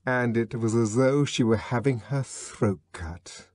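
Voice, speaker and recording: A man's voice: mid-range voice, measured pace, a little mellow, no echo. A man narrating an audiobook in a dramatic, scripted reading.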